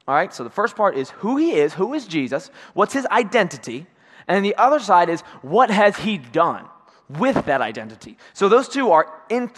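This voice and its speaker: A man's voice: high voice, fairly bright tone, big-room sound. A man preaching a sermon in a church, talking conversationally and often checking in with his listeners. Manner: conversational, acts out quotes, checks in with "right?". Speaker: pastor. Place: church sanctuary.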